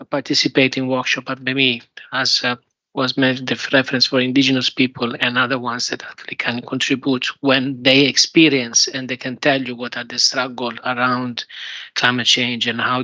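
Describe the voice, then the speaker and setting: A man with an Italian accent giving formal closing remarks at a workshop, halting often with fillers and restarts. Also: medium pitch, bright, forceful tone, no room sound, highs cut off.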